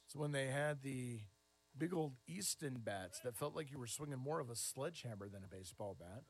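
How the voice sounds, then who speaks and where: A middle-aged man doing baseball play-by-play commentary, easygoing and chatty between pitches, lifting into lively excited calls on big plays. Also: a little fast. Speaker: play-by-play announcer.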